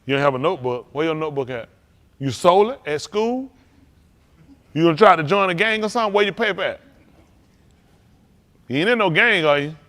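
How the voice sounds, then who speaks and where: This sermon comes from a middle-aged man with a fairly high voice who talks a little fast but leaves long pauses. Animated throughout, he calls out to the congregation and makes teasing asides aimed at young listeners.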